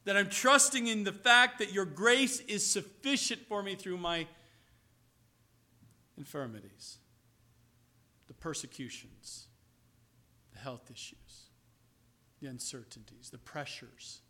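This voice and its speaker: High, lively preaching man. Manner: swings from loud emphatic to hushed and low; acts out quoted voices, slows on key words. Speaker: pastor. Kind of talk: sermon.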